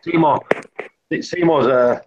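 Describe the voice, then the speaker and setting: A man's voice: on the high side, highs cut off, background noise. A man with a Mancunian accent hosting a casual live-stream chat, joking and teasing the others. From Manchester, England. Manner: teasing, jokey, quick to laugh. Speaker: stream host.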